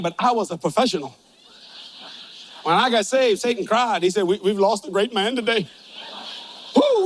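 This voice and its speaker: A man's voice: high-pitched, a bit bright. An older man preaching a humorous sermon in a folksy, joking, storytelling way.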